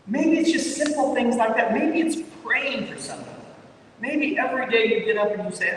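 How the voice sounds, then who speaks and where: High-pitched guy preaching casual, repeats himself a lot, long church reverb, faint rumble. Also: a little fast, a bit bright. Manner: conversational, repeats himself, lots of "you know" and "maybe". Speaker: pastor. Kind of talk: sermon. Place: large church sanctuary. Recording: echoey church hall from far off, faint rumble.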